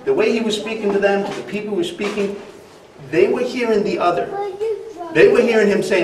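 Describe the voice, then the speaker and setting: Guy pastor giving a laid-back sermon, kinda high voice, mic far off, echoey church room. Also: animated, fairly quick, crowd noise. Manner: casual, conversational preaching with frequent fillers. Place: church hall. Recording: echoey hall, distant mic.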